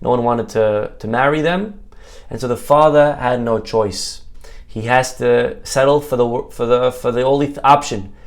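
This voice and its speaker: A rabbi giving a Torah talk, telling a parable as an animated, jokey storyteller. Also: male voice, mid-range voice, normal speed.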